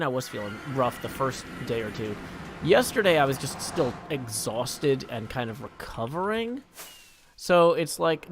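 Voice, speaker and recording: A man's voice: on the high side, slight background noise. A man casually chatting on a live stream while he plays, joking and reading viewer messages aloud.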